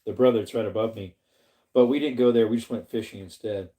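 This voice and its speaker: A man's voice: on the low side, fairly even intonation, fast talker, mellow. A middle-aged man from Arizona hosting a casual livestream, rambling and chatty as he reads viewers' comments, laughs often and greets them by name. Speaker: livestream host reading chat.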